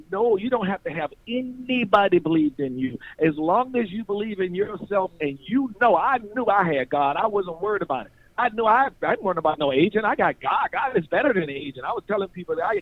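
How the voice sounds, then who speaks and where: A man's voice: high-pitched, lively intonation, fairly quick, few pauses. A man from North Carolina telling his life story in casual talk, acting out voices in the stories, repeating words and laughing often. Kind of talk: animated storytelling chat. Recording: tinny phone-like radio sound.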